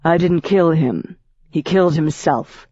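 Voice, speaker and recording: Female reader voicing a low, clipped, cold male elf businessman for an audiobook. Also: unhurried, dark tone, dry recording, dull audio. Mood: defensive. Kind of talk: audiobook character voice.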